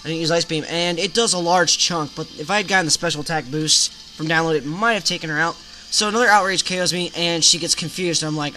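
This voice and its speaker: Man, high-pitched, bright tone, casual game commentary, chatty play-by-play, faint background music. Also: fast. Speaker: gaming channel host.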